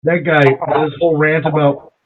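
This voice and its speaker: A man's voice: fairly high pitch, little pitch movement, normal speed, noisy background. A man co-hosting a casual podcast chat, rambling and swearing with enthusiasm. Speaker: podcast co-host. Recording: tinny phone-like sound.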